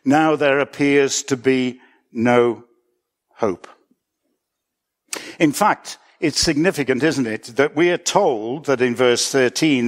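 A man's voice: medium pitch, a little slow. A man, a pastor, preaching a sermon in an earnest, reflective way, with small chuckles and self-corrections. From Britain.

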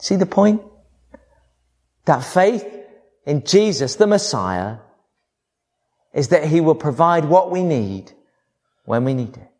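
A man preaching a sermon to a congregation, with expressive, varied emphasis. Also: a little high, takes it slowly, pauses often.

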